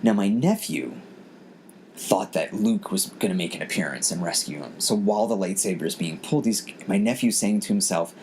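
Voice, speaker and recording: A man's voice: low-pitched, expressive, a little fast, a little mellow, slight background noise. A man hosting a podcast, telling a personal story in an earnest, emotional way and often repeating his words. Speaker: podcast host. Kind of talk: casual storytelling chat.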